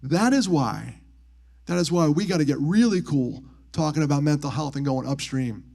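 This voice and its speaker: Animated male speaker, slightly high voice. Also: normal speed, creaky. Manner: animated, acts out quoted voices with big pitch jumps; drops to soft, quiet tones on grief. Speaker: motivational speaker. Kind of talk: live storytelling talk on suicide prevention. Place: military base venue.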